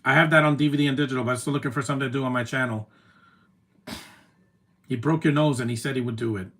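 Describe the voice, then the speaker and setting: A man streaming his reaction to a movie, talking in an emotional, rambling way with many "man" tags and the odd loud taunt. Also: medium pitch, steady tone, fast. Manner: soft-spoken, with sudden loud taunting outbursts. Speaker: live streamer.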